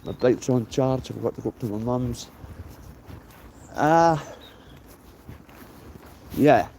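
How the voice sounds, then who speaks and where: A man in his late thirties with a Dundee accent rambles bluntly into a handheld phone while he walks outdoors in the rain. His voice sits mellow and dark, and he swears freely and tacks "mate" onto nearly every line. Faint noise runs underneath. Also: medium pitch, slow. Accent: Dundee Scottish. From Scotland. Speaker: vlogger. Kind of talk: casual walking vlog.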